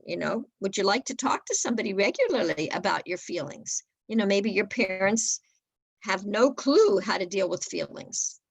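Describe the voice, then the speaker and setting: A woman's voice: medium pitch, lively intonation, moderate pace, creaky, breathy edge, no room sound. Earnest woman giving a talk. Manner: earnest, repeats words when restarting. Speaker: guest speaker on parenting. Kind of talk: webinar talk.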